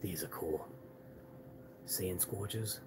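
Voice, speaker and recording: A man's voice: deep voice, drawn-out words, background noise. A man with a Massachusetts accent who drops his R's, chatting casually as he walks a camera through a large hobby shop, rambling and muttering asides. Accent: Boston-area Massachusetts, non-rhotic. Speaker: channel host. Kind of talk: live walkthrough vlog.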